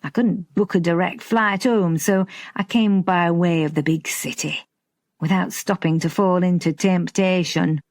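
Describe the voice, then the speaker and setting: A woman's voice: lowish voice, steady tone, a little slow, a little mellow, no echo, studio quality, lightly acted. A woman reading an audiobook, voicing a blunt, teasing older man from Yorkshire with a Yorkshire accent. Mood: bluff. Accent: Yorkshire, as put on. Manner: bluff, teasing, plain-spoken.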